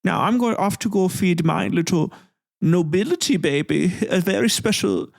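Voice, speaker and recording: A man's voice: high-pitched, animated, moderate pace, creaky, voice pushed up, exaggerated voice. A man voicing a snooty male German noble who mocks peasants in sneering baby talk.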